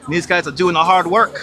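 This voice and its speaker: A man live-streaming his walk through busy city streets on a wireless lapel mic, giving profane, exasperated running commentary. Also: sits high.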